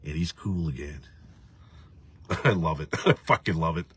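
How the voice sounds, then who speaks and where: Deep husky-voiced man ranting. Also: a little slow, no echo. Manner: profane, rambling, laughs often. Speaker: livestream host reading viewer comments. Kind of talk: casual ranting live chat.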